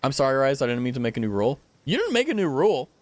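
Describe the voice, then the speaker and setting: A young man streaming a game, chatting casually with his viewers, animated and blunt, swearing freely. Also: mid-range voice, rapid-fire. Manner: animated, swearing, talks to chat. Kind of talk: casual live-stream chat.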